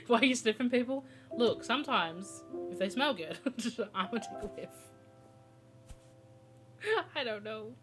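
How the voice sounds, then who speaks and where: A woman's voice: on the high side, animated, slow, pauses often, over music. A woman streaming a video game, chatting casually with viewers and telling stories with frequent laughter. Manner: chatty storyteller who laughs often. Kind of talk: casual gameplay chat.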